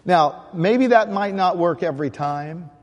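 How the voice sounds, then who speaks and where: A man's voice: high-pitched, a little slow, muffled recording. A man preaching a sermon as pastor, in a conversational way, often asking the congregation questions. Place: church sanctuary. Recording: long hall reverb.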